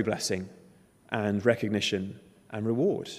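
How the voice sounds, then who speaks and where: A man's voice: mid-range voice, a little slow, pauses often, a little mellow. A man preaching a sermon, emphatic and storytelling, acting out the characters' lines. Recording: long hall reverb.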